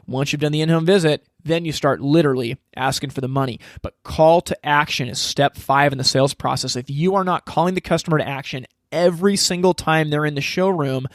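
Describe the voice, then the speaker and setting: Guy coaching sales teams, slightly high voice, energetic, acts out what to say to customers, dry close sound. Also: fast talker, few pauses, no echo. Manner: energetic, acts out customer dialogue, frequent restarts. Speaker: sales trainer. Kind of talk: casual teaching talk.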